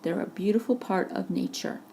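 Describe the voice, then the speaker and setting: A woman's voice: medium pitch, moderate pace, mellow, slight background noise. A woman teacher narrating a vocabulary lesson over a presentation, patiently explaining each word with examples. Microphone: voice-over for a slide presentation.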